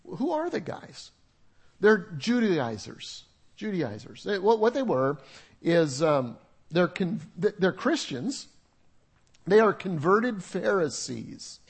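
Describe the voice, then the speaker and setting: An older man preaches in a high, light voice. His delivery is conversational and humorous, with asides to the congregation between scripture readings. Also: big pitch swings, slow, breathy edge. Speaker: pastor. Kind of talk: sermon. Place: church sanctuary with congregation.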